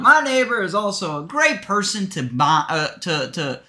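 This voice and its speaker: A young man chatters through a gaming stream with a bright, lively voice that swings up and down. He trolls, yells and then mutters to his viewers. A faint hiss sits under the mic. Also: high-pitched, moderate pace, few pauses. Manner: excitable, trolling, swings between yelling and muttering. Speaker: game streamer.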